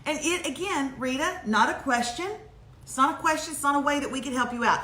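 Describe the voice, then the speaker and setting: A woman's voice: high-pitched, fairly quick. A middle-aged woman, hosting a casual live chat, reading viewer emails and teasing with jokes and laughter. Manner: animated, joking, laughing, teasing. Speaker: host. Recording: echoey room.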